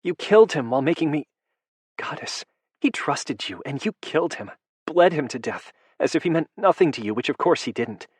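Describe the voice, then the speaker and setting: A man voicing a furious young captive woman with a raspy, shrill voice in an audiobook. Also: fairly quick, fairly bright tone, no echo. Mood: furious sobbing. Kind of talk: audiobook narration.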